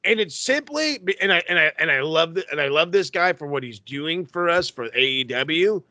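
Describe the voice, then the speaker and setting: A man co-hosting a wrestling podcast in casual, profane chat, with animated rants. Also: fairly high pitch, moderate pace, dry recording. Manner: animated, profane, loud mocking impressions. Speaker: podcast co-host.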